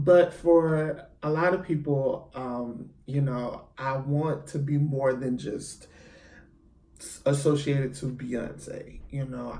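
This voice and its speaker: A man's voice: fairly high pitch, warm tone. A man talking to camera in a casual storytime vlog, chatty and theatrical, hyping himself up with lots of ums. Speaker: YouTuber. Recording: echoey room, mic at a distance.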